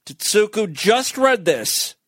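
A man hosting a comedy show, making dry sarcastic asides with filler pauses. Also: high-pitched, big pitch swings, a bit bright, dry recording. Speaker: comedy podcast host. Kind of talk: deadpan comedic monologue.

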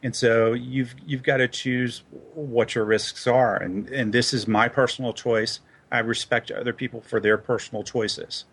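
A man's voice: mid-range voice, fairly even intonation, measured pace, few pauses, a bit bright, slightly rough. A man being interviewed in a casual chat, talking hesitantly with lots of fillers and restarts. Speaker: interview guest. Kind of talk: casual podcast conversation.

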